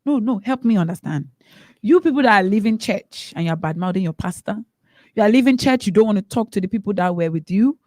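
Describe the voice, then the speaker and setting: A woman's voice: medium pitch, animated, a little fast, darkish tone, no echo. A woman from the Bahamas co-hosting a radio talk show, opining with emphatic rhetorical questions in casual chat. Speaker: radio co-host. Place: radio studio.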